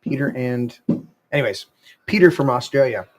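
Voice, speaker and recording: A man's voice: mid-range voice, lively intonation, moderate pace, slight background noise. A man hosting a podcast in loose, rambling chat, often restarting his sentences. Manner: rambling, restarts often, puts on quoted voices. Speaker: podcast host.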